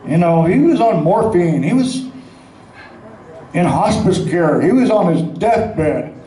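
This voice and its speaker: Man, high voice, plainspoken rambling eulogy, echoey hall, faint room noise. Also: lively intonation, slow, dark tone. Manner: rambling, plainspoken storytelling with folksy asides. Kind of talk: spoken eulogy.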